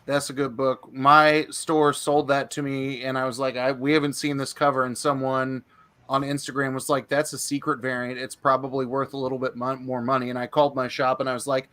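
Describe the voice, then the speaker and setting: A man's voice: medium pitch, level tone, a little fast, a bit bright. A man hosting a live comic book auction stream, chatty and joking, who swears casually.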